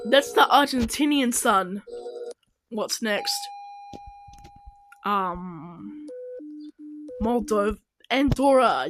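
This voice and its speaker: A woman reacting to videos in casual commentary, excitable and exclaiming at the screen. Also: fairly high pitch, slow pace, long pauses. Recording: loud background noise.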